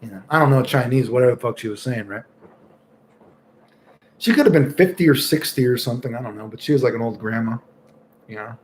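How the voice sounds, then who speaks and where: A man's voice: mid-range voice, fast, pauses often, darkish tone, a little hiss or hum. A young man streaming live, chatting casually and rambling through stories with lots of swearing. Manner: rambling, casual, swears often, many fillers.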